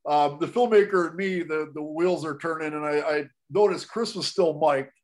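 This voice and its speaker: Animated man telling a story, pitched a bit high. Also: normal speed. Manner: animated, with frequent restarts and laughs. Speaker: guest storyteller. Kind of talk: conversational podcast storytelling.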